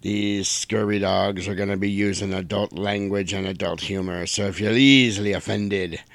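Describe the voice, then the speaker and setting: A man's voice: fairly low pitch, fairly even intonation, moderate pace, vocal fry, a bit bright, no room sound. A man putting on a swaggering male pirate voice full of growly pirate slang for a podcast disclaimer. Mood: mock-menacing.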